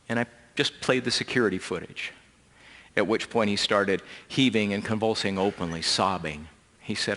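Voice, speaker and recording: Male speaker, earnest storyteller, bright voice with a long reverb tail from a big hall. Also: low-pitched, normal speed. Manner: earnest, grows quiet and emotional. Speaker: speaker giving a talk. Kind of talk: storytelling talk to an audience.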